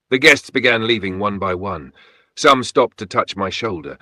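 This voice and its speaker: Male storyteller, scripted narration, low and bright, dry close mic. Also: moderate pace, no room sound. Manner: steady, dramatic storytelling. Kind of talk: scripted first-person narration.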